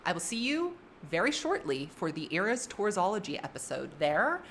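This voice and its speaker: A woman giving casual, gushing reaction commentary on songs, excitable and swearing freely. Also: mid-range voice, moderate pace, a little hiss or hum. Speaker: music reaction YouTuber.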